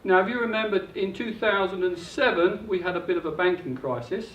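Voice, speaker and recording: Older guy selling a property seminar, highish voice, dull muffled echoey recording. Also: fairly quick, a bit bright, recorded from a distance, a little hiss or hum. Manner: upbeat, salesy pitch. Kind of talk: seminar presentation. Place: hotel function room.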